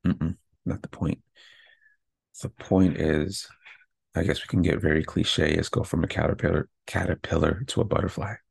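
Male podcaster, a father, gravelly low voice with a husky edge, close dry mic, motivational and candid. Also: steady tone, normal speed, no echo. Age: adult with kids. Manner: candid, pumped-up self-talk with frequent "right?". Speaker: podcast host.

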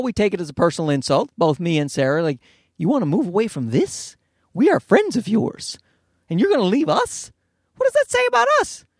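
A man talks through a loose solo podcast, his voice pitched high with a gravelly fry. He rambles from story to story, swearing freely and tossing in sarcastic asides. The sound is dry, with little room around it. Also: no room sound. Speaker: podcast host. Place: outdoors or by a road, talking into a microphone.

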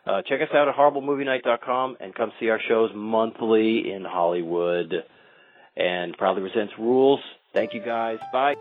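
A man's voice: lowish voice, normal speed. A man who hosts a comedy show, leaving an upbeat phone message. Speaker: comedy show host calling in. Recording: dry tinny phone line.

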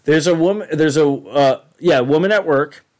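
A man's voice: a little high, normal speed, darkish tone. A man co-hosting a casual podcast, drunk and rambling with lots of fillers. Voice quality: loose, rambling, filler-heavy. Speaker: podcast co-host. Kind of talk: casual chat.

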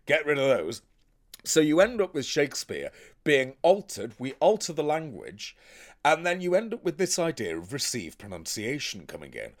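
Man, actor, casual podcast chat, animated and foul-mouthed, very lively pitch. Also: normal speed. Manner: animated, blunt and profane.

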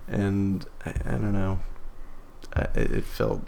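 A young man chatting casually about films, easygoing and halting, laughing often. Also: deep voice, completely flat delivery, vocal fry, dark tone, a little hiss or hum. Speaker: podcast co-host. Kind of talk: casual movie review chat.

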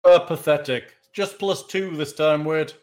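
A man, narrating a tabletop game as game master in a playful way, slowing down for scene narration. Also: on the high side, darkish tone, a little hiss or hum. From Britain.

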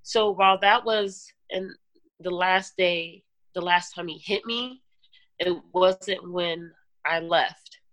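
A woman guest giving an earnest personal testimony in an interview, talking in halting runs with restarts and fillers. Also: on the low side, fairly even intonation, a bit bright, dry recording. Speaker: podcast guest.

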